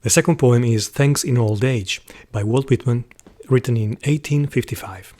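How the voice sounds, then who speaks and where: Male host, mid-range voice, earnest reflective talk and slow, heartfelt verse reading. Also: medium pitch, soft background music. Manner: earnest, heartfelt, reads verse slowly with soft whispered passages. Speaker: host of a Catholic channel.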